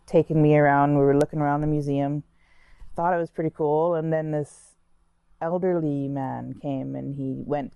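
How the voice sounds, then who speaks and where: A woman's voice: sits low, gravelly, warm tone, no echo, lo-fi sound. A woman candidly telling her own life story in a conversational way, full of restarts and "like". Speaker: interviewee sharing her story. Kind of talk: personal storytelling.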